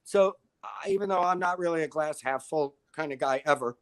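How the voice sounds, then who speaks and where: Older male guest, wry and self-deprecating, a touch high-pitched. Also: brisk, fairly bright tone, smooth. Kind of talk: casual interview chat.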